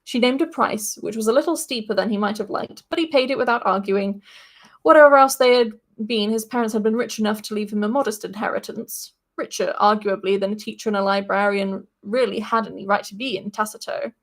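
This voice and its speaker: A woman's voice: mid-range voice, steady tone, brisk. A woman hosting a podcast, reading a fantasy story aloud and breaking off now and then for casual asides.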